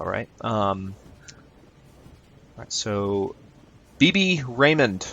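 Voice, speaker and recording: A man's voice: mid-range voice, a bit bright, slight background noise. A man giving casual let's-play commentary, chatty and upbeat, thinking aloud with fillers as he plays. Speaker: gameplay commentator.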